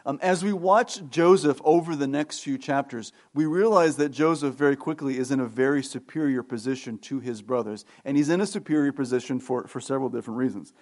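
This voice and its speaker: A pastor giving a Sunday sermon in a conversational manner, often checking in with "right?" and reading scripture aloud at length. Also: male voice, mid-range voice, fairly quick, few pauses, a little mellow. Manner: conversational preaching with frequent "right?" tags.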